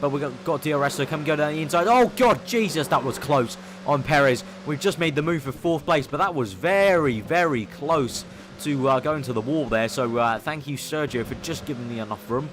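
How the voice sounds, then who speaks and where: A young man giving eager play-by-play commentary over his own racing game, getting excitable when he overtakes. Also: mid-range voice, a little fast, slight background noise. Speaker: gaming commentator.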